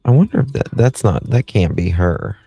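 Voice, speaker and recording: A man's voice: fairly low pitch, expressive, normal speed, dark tone, breathy edge, soft background music. A man hosting a casual livestream. He rambles in a chatty way and talks back to viewers' comments. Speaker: livestream host.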